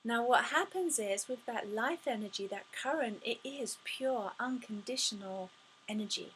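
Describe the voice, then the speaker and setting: A woman speaking as a spiritual life coach in an inspirational talk to camera, effusive and expressive, often sighing and gasping as she speaks. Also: on the high side, normal speed, a little hiss or hum, rough recording. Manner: effusive and expressive, with frequent sighs and gasps.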